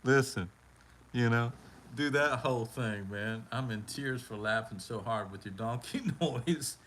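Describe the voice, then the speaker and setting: Slow-drawling man, laughing. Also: medium pitch, a bit bright, a little hiss or hum, rough recording. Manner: laughs often, drawls "man" at line ends. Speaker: livestream host. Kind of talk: casual livestream chat.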